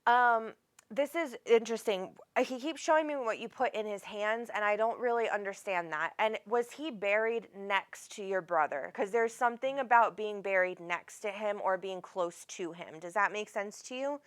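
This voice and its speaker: A woman's voice: medium pitch, normal speed. A woman hosting a live psychic reading, talking in a rambling, affectionate way, calling the caller honey and swearing casually. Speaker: psychic medium host.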